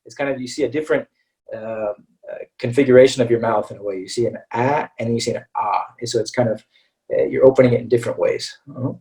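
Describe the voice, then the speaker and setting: A man with an American accent teaching English vowel pronunciation in a webinar, patiently modelling each sound slowly and checking in with "okay?" after nearly every phrase. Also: mid-range voice, steady tone, dark tone, distant mic, poor audio. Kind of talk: webinar lesson.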